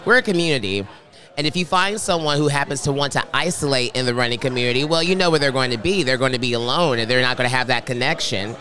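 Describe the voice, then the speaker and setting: Bright, animated man in his thirties. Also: mid-range voice, fast talker. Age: 30s. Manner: animated, playful, chatty. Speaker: marathon runner guest. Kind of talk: casual interview chat.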